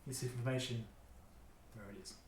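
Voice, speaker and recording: A man's voice: mid-range voice, moderate pace, slight background noise. Man running a tabletop game. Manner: relaxed, with many fillers. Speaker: game master. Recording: echoey room.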